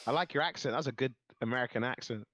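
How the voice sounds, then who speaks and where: A man's voice: medium pitch, fast, a bit bright, no echo. A man in casual chat on a call, easygoing, laughing a lot and groping for words. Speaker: streamer guest.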